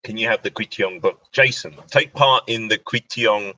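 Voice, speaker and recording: A British man with a low, bright voice chats casually on a livestream, reading out viewer questions and answering them with a joking manner. The sound is dry, with him sitting a little back from the microphone. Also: normal speed, no echo, distant mic, low-quality recording. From Britain. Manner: chatty, joking, reads out comments.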